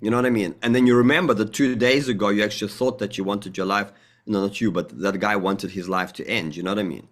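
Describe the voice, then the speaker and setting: A man's voice: fairly even intonation, quick pace. Rambling, emphatic man in conversation. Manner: rambling and emphatic, with frequent profanity; acts out dialogue with a jumpy, higher voice. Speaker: guest. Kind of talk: conversational interview, spiritual talk.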